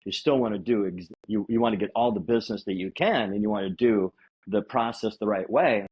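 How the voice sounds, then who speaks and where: Man, low-pitched, rambling casual chat, dull recording. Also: slightly rough. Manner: rambling, halting, with restarts. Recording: dull lo-fi audio.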